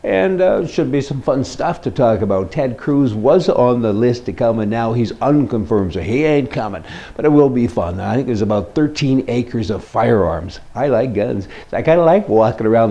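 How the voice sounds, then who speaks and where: A man's voice: medium pitch, animated, moderate pace, warm tone. An older man hosting casual political commentary in a folksy, blunt and sarcastic way. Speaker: commentary host.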